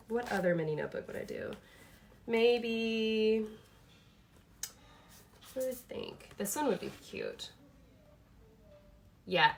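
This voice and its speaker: A woman chats casually from her home office. Her voice is bright and lively, and she talks enthusiastically, thinking aloud with plenty of ums and little asides. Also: fairly low pitch, creaky. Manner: chatty, enthusiastic, thinks aloud with many fillers. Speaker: host showing her planner products. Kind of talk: casual live product chat.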